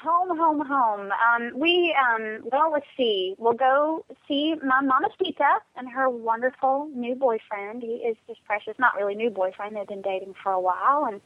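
A woman co-hosting a casual chat, talking quickly in a bubbly, effusive way over a phone line. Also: on the high side, no room sound.

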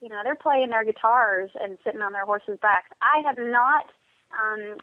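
A woman's voice: on the high side, normal speed, no echo. A woman country singer calling in as a radio guest, talking in a bubbly, effusive, gushing way. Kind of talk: casual radio interview. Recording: muffled phone line.

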